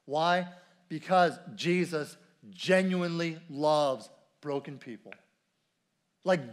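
A man preaching a sermon at a church service in a conversational way, repeating key phrases and asking the congregation questions. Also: high-pitched. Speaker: pastor.

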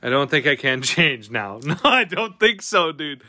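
A man hosting a live card-opening stream, chatting casually with viewers, excitable and often swearing as he reacts to each pull. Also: a little high, measured pace, no room sound.

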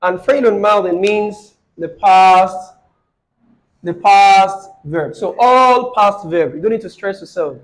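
Over a poor-quality connection, a high-voiced male Arabic grammar teacher tutors a student in a live online lesson. Patient and frequently checking in, he poses questions and says every phrase again slowly.

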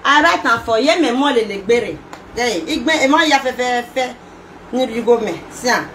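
Middle-aged Nigerian woman, Pidgin-accented, lively pitch, emphatic rant to camera, bright tone. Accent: Nigerian Pidgin English. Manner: emphatic, fires rhetorical questions, mixes local language words. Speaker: vlogger. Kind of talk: emotional direct-to-camera rant. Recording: echoey room with faint noise.

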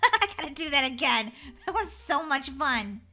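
High, giggly woman playing a game. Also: moderate pace, over loud music. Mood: gleeful. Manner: giggly, bouncy, excitable. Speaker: gaming channel host. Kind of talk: playful game role-play.

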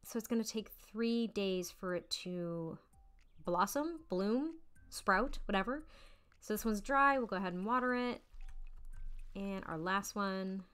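A woman's voice: medium pitch, animated, measured pace, a bit bright, smooth, faint music behind. A bubbly young woman giving let's-play commentary with frequent giggles. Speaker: gaming YouTuber.

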